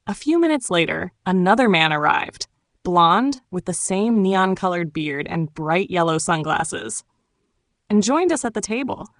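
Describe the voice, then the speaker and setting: A woman reads her own memoir aloud, unhurried and reflective. Her voice sits on the lower side, and the audiobook recording is close and dry, with no room sound. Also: no room sound. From Turkey. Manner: calm, reflective storytelling.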